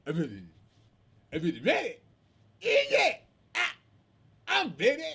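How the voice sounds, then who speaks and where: A man's voice: very high-pitched, huge pitch swings, measured pace, creaky, sharp tone, husky, full character voice. A man voicing a punch-drunk boxer who stammers and repeats his words. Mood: stammering.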